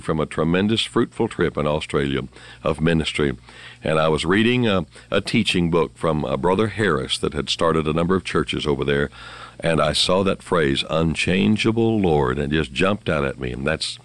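Fervent low-voiced male radio preacher. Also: no room sound. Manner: rambling, fervent, quotes scripture with rising emphasis. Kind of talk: radio sermon.

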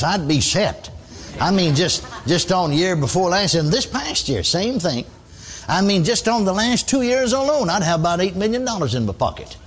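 An older man preaching a radio sermon in a folksy, animated way, calling for amens. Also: high-pitched.

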